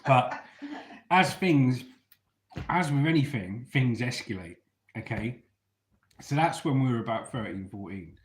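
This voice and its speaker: A man spins stories in a chatty, laddish voice and swears freely. His pitch sits in the middle of the usual range. The room around him is noticeably echoey. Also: expressive, measured pace, long pauses. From England. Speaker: storyteller host. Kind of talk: casual storytelling.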